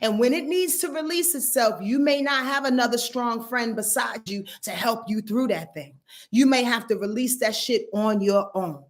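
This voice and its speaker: A woman's voice: a little high, moderate pace. A woman giving a casual astrology forecast, talking in an earthy, emphatic way and swearing freely.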